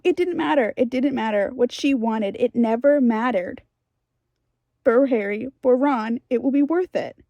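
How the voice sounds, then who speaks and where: A young woman talking casually in a reading vlog, emotional and ranting, swinging from hushed asides to exasperated outbursts, tired from lack of sleep. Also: on the high side, measured pace, no room sound, lo-fi sound. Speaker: book vlogger.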